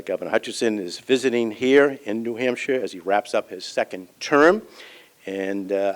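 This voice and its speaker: A man hosting a breakfast forum, giving measured announcements and an introduction with frequent fillers. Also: lowish voice. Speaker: event host. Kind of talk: formal event announcements.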